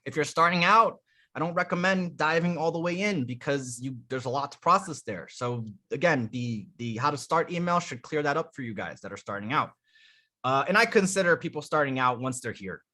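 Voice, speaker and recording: Blunt, profane man coaching with a bright voice. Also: a little high, brisk. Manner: blunt, profane, animated storytelling. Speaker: dating coach. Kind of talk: live coaching session.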